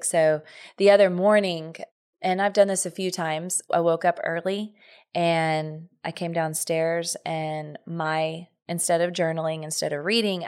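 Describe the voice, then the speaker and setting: A woman's voice: lowish voice, darkish tone. A woman co-hosting a podcast, talking in an earnest, reflective way in casual chat. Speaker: podcast co-host.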